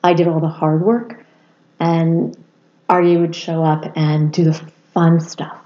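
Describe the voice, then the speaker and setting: A woman in her sixties, a podcast guest and mother, speaking in a soft, measured and reflective way. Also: low voice, flat delivery, faint music behind. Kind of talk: reflective conversation. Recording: dull lo-fi sound.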